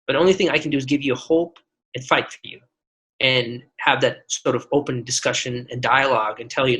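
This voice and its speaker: A man's voice: mid-range voice, steady tone, a little fast, fairly bright tone, poor audio. A man in his forties, a physician guest on a podcast, telling personal stories earnestly with frequent restarts. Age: 40s. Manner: earnest, storytelling with many restarts. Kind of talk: podcast interview.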